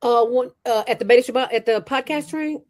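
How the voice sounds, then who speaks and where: A middle-aged woman, a former radio host and founder, talking as an interview guest in an animated, emphatic and playful way. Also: on the high side. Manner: fast talker from years on radio. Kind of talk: casual interview chat.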